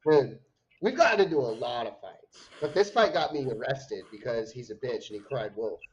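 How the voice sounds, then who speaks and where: A man's voice: mid-range voice, animated, normal speed, dull audio. A young man on a livestream, telling a rambling, profane story in casual chat. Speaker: stream co-host.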